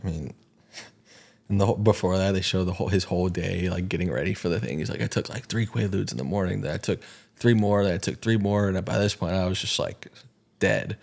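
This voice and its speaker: A podcast co-host talks in a loose, casual way. His voice sits very low and has a gravelly fry to it. He gets animated retelling movie scenes and acts out the lines. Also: fairly quick. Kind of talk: casual chat.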